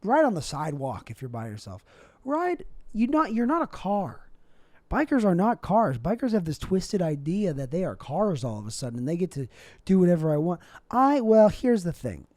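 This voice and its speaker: A young man rambles through a deadpan comedic monologue, his pitch jumping around a lot as he goes. The tone is warm and mellow, and the recording is dry and close with no room sound. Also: a little fast, no room sound. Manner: deadpan, rambling, absurd asides. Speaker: comedic vlogger.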